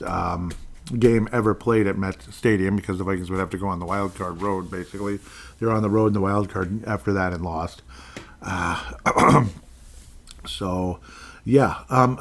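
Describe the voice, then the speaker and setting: A man hosting a casual solo sports podcast, rambling and often correcting himself as he goes. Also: lowish voice. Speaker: podcast host.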